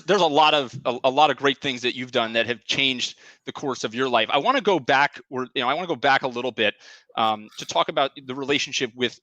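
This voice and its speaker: A man's voice: medium pitch, pushed and bright, dry recording. A man hosting an interview, asking questions with frequent stammers and repeated words. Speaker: podcast host.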